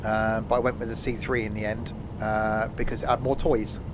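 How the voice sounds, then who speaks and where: A man's voice: fairly low pitch, little pitch movement, moderate pace. Man, rambling gameplay chat, self-mocking, fillers, game noise behind. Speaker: streamer. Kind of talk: live gameplay commentary.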